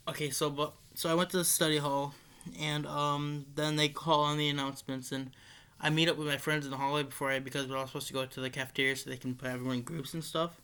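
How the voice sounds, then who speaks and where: A man's voice: a little high, little pitch movement, fast, sharp tone, clean tone. A teenage boy telling a school story in a casual, rambling way, full of likes, restarts and the odd swear. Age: teens. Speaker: high school student.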